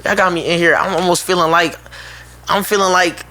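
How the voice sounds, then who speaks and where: Young man, bright voice, slightly high, animated storyteller, casual slang. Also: fairly quick. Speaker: podcast co-host.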